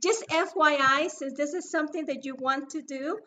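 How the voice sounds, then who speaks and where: A middle-aged woman with a noticeable foreign accent talks through a lesson over a video call. Her voice sits high, and she keeps a calm, patient, friendly manner while giving step-by-step instructions, with a faint hiss of noise in the recording. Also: normal speed. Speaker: essential oil mixing instructor.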